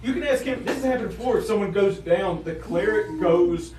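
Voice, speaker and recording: A man plays at a tabletop game, taking his time as he works through dice math. His voice sits high and swings a lot. He is heard from a distance in a roomy space. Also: expressive, a little mellow. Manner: slow, counting out dice math. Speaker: player. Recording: roomy, distant mic, faint hum.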